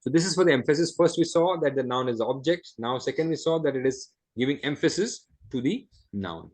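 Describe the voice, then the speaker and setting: Male grammar teacher, mid-pitched, brisk; recites quickly, then explains patiently. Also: expressive, darkish tone. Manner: explains step by step, checks in with "right?"; quick Arabic recitation between slower English. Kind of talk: classroom lesson.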